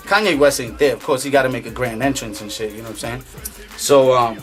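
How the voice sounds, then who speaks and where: A man's voice: mid-range voice, fast, soft background music. A man casually telling a story in streetwise slang, acting out what people said. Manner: animated, streetwise slang, acts out quotes.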